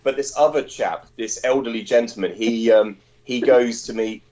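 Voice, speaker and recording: A man's voice: medium pitch, moderate pace, hardly any pauses, mellow, dull audio. A man calling in to a casual chat, rambling through anecdotes and laughing mid-sentence. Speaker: caller.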